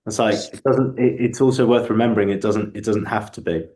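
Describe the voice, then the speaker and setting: A man's voice: fairly low pitch, fairly even intonation, brisk, mellow, roomy sound. A man hosting a book club video call, reflective and casual, often repeating words as he starts a thought.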